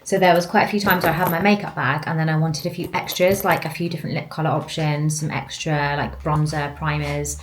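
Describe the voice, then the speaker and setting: A woman's voice: deep voice, flat delivery, brisk, hardly any pauses. A young woman in a casual vlog, chatting to her handheld camera at home, rambling with lots of fillers. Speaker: vlogger.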